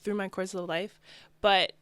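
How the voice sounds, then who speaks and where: A young woman from New Jersey, a fashion designer guest, chatting in a relaxed, laid-back way. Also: mid-range voice, measured pace, no room sound. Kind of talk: casual interview.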